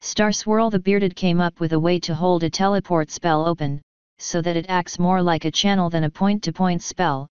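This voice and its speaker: A woman narrating a fanfiction story in a steady, even reading. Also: fairly low pitch, normal speed, smooth, no echo. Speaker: fanfiction reader. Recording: dull lo-fi dry recording.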